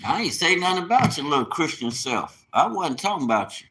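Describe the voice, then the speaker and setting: A man chatting on a live stream in an animated, preachy, joking way, laughing often. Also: on the high side, a little fast, rough recording. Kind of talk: casual live-stream chat.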